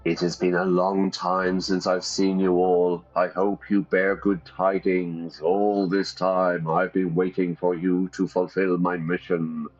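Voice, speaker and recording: A man's voice: sits low, flat delivery, slow pace, few pauses, muffled recording, faint music behind. A man voicing the ghost of a stern noble male ancestor, speaking solemnly and demanding obedience from his descendants.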